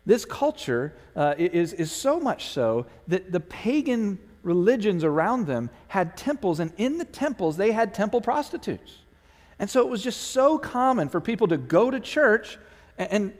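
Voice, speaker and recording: A man's voice: high-pitched, long reverb tail. A man preaching a sermon, telling a family story and acting out the people in it before moving to scripture. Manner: animated storyteller, acts out quoted voices. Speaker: pastor.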